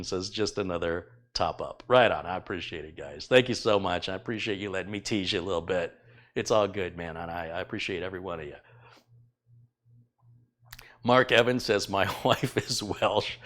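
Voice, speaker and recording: A man's voice: deep voice, a bit bright. A middle-aged man hosting a live stream from his kitchen, chatting casually, teasing and rambling with fillers as he thanks viewers. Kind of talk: casual live-stream chat reading donations. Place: home kitchen.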